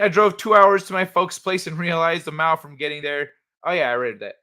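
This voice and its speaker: A man's voice: sits high, moderate pace, sharp tone. A man hosting a livestream, chatting casually and reading viewers' messages aloud with loose, profane asides that trail off into mumbles. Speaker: livestream host.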